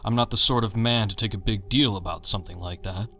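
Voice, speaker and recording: A man narrating a horror story in a measured, tense manner. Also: lowish voice, bright, forceful tone, a little hiss or hum.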